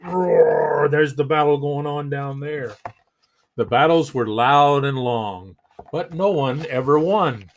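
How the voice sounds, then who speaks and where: A man, a pastor, reading a picture book aloud slowly and gently, with chatty asides to the children. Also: mid-range voice.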